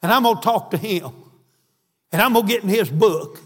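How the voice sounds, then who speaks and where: Preacher doing a heartbroken old widower who won't quit, high voice, hall echo. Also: male voice, a little fast, breathy edge. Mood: resolute. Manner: tearful yet determined. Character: grieving elderly widowed preacher, resolute. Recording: echoey hall.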